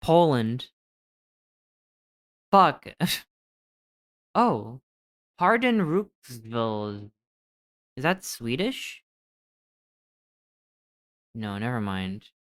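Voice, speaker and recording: An excitable streamer talks through guesses on a live stream, swearing freely. The delivery is unhurried, with pitch that leaps around animatedly. The voice is smooth and clean in a dry, close-sounding space. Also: dry recording. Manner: excitable, swears often, thinks aloud while guessing. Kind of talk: live-stream gameplay commentary.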